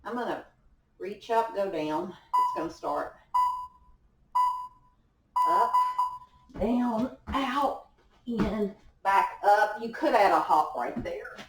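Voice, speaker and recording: Slow-talking woman coaching a workout. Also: medium pitch, expressive. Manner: encouraging coaching cues while exercising along. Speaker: fitness instructor. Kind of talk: guided home workout instruction. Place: indoor room at home. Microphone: distant camera mic. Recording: echoey room, far from mic.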